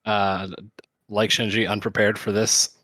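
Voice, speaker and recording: Low-voiced laid-back man. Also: little pitch movement, a little slow, a bit bright, dry recording. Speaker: podcast co-host. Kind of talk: casual podcast chat.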